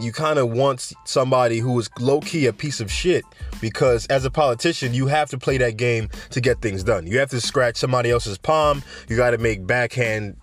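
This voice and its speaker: Rambling young man hosting a podcast. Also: mid-range voice. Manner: rambling, conversational, with restarts and asides. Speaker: podcast host. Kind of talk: casual podcast commentary.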